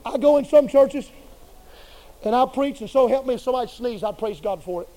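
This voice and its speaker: Folksy preacher guy, really high voice, cracking jokes then getting loud. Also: a little fast, slight background noise, low-quality recording. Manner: folksy, humorous, colloquial storytelling with sudden swings in loudness. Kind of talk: sermon.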